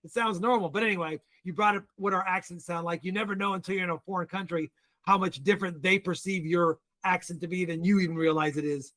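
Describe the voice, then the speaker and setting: High-voiced, animated American man. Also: quick pace. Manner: animated storyteller. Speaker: guest. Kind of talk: casual livestream chat.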